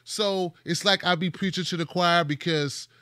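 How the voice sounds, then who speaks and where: This is a man hosting a casual commentary show, speaking. He is sarcastic and animated, full of rhetorical questions. His voice is bright and sits a little high, close and dry with no room around it. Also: moderate pace, no echo. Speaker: host.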